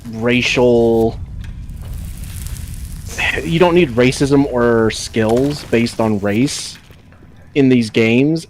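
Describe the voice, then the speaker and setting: A man's voice: mid-range voice, a little hiss or hum. A man chatting on a game stream, telling stories animatedly and laughing as he retells them. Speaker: stream co-host. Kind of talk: casual gaming chat.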